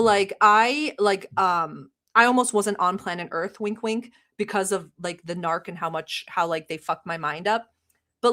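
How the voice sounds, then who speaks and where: A woman's voice: mid-range voice, a bit bright. A woman from the Middle East hosting a reaction channel, talking bluntly with sarcasm and swearing as she comments on clips. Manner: blunt, profane, sarcastic ranting.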